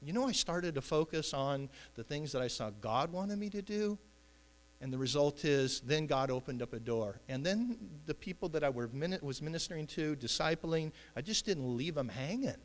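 Preacher in a reverberant hall. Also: male voice, a little high, moderate pace. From United States. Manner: animated, acts out voices, chuckles. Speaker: pastor. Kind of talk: sermon.

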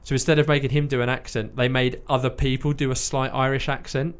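A man of middle pitch hosting a film podcast. He talks casually and with enthusiasm, drifting through asides with plenty of fillers and the occasional swear word. His delivery stays loose and conversational. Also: flat delivery, quick pace, clean tone. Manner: chatty and enthusiastic, sprinkled with fillers and mild swearing. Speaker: podcast host reviewing a film. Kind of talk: casual chat.

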